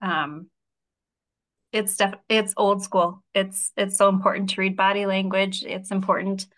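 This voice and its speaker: A woman's voice: medium pitch, flat delivery, unhurried, a bit bright. Candid woman on a panel. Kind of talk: panel discussion.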